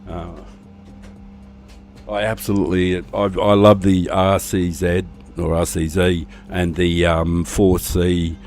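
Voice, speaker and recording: An Australian man streams a racing game and chats loosely, with frequent hesitations and a rambling, easygoing style. He speaks slowly in a low voice, soft music playing in the background.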